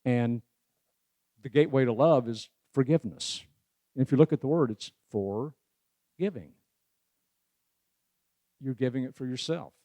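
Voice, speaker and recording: A man's voice: mid-range voice, measured pace, pauses often, warm tone, no room sound. A man giving a casual spiritual presentation, talking in a folksy way with wry asides and many "you know"s. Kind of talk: casual spoken lecture.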